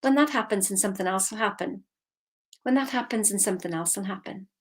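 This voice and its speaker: A woman's voice: mid-range voice, fast. Emphatic woman giving a motivational talk. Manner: lively, emphatic, slips into quoted voices. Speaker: mindset coach.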